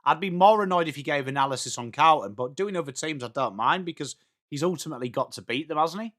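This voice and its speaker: An excitable man from northern England, with a bright, slightly high voice, talks fast while hosting a fan watchalong stream. He combines live sports commentary with reading the chat, bantering with viewers by name.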